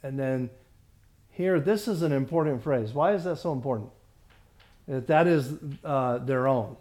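A man teaching a Bible study class, who stumbles over his words, repeats himself and often clears his throat, reading scripture slowly. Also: medium pitch, a little mellow.

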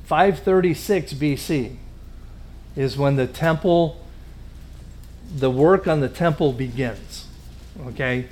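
A man preaching a Bible teaching, reading scripture and explaining it in a relaxed, conversational way with fillers and asides. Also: on the high side, slow, long pauses. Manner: reads scripture aloud in King James wording. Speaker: pastor.

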